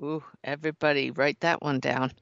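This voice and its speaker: Encouraging woman host, low voice. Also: level tone, moderate pace, gravelly, no echo. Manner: encouraging, affirming interjections. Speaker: podcast host, medium. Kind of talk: interview host. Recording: dull lo-fi sound.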